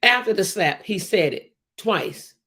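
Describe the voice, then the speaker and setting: Animated woman with a gravelly voice. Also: mid-range voice, a little slow. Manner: animated and emphatic, with frequent restarts and repetition. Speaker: host of a livestream show. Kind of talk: casual livestream commentary, reading viewer comments.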